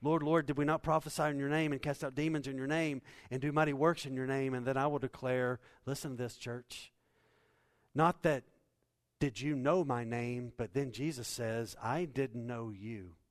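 A man preaching a sermon, his voice sitting at an ordinary middle pitch. He drops to hushed, low stretches and then rises to loud, ringing bursts. The sound is dry and close. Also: fairly even intonation, moderate pace, no room sound. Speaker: pastor.

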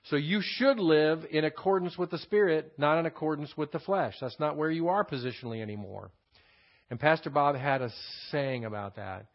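A Texan pastor with a fairly high-pitched voice teaches a Bible passage at a moderate pace, unpacking the Greek words and repeating his key phrases. The sermon recording is dull and lo-fi.

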